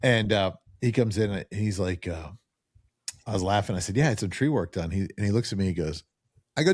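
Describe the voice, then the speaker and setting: Man, middle-aged, low voice, dry close sound, casual chat, lively storyteller. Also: fairly quick, no room sound. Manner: animated storyteller acting out quoted dialogue.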